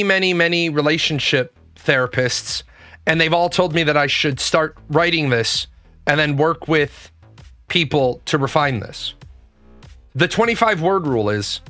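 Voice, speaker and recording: A man talks in a blunt, profane, rambling comedic monologue, his voice pitched a little high and pushing hard. The sound is dry and close, with faint music underneath. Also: bright, forceful tone, no echo. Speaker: comedic commentator. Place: his office.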